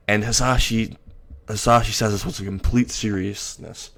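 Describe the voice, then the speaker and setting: Young guy narrating a made-up story, lowish voice, kinda halting. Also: fairly even intonation, vocal fry, a bit bright, slight background noise. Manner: loose, halting delivery with restarts and "and" pauses. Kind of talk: casual improvised story narration.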